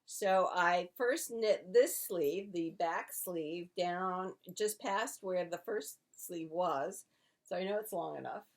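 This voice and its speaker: A woman's voice: on the low side, slow. A woman co-hosting a knitting podcast, chatting casually and explaining her projects step by step. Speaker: podcast co-host.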